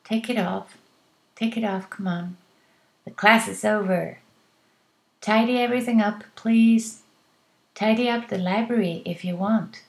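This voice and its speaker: A woman, teaching by saying classroom phrases slowly and clearly, one at a time. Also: medium pitch, steady tone. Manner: slow, clear, deliberate delivery, phrase by phrase. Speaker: English teacher. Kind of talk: slow modeled classroom phrases for learners.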